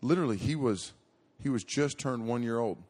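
A man's voice: medium pitch, fairly quick, darkish tone. A middle-aged man preaching to young people, telling a story in a folksy, rambling way with many restarts and fillers.

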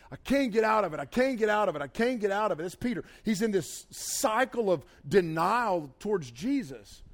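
A man preaching a sermon, folksy and emphatic, with plain down-home phrasing. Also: high voice. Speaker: pastor.

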